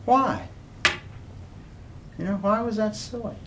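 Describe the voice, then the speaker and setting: A man's voice: high voice, slow, a bit bright. A man giving an informal university lecture, talking conversationally and drifting into personal anecdotes and asides. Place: lecture room. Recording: distant room recording with faint ambient noise.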